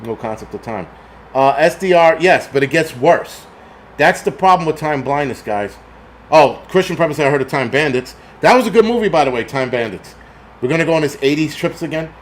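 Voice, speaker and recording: A man's voice: fairly high pitch, expressive, fairly quick, slight background noise. Angry swearing man ranting on stream. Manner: angry, swearing, reads chat; swings between shouting and muttering. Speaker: livestream host. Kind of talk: profane live-stream rant.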